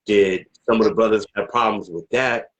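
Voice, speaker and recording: A man's voice: lowish voice, steady tone, moderate pace, rough recording. A man interviewing an elder in a casual discussion, rambling with many asides before pressing emphatic questions. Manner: rambling, many "you know what I mean" asides, rising to emphatic questions.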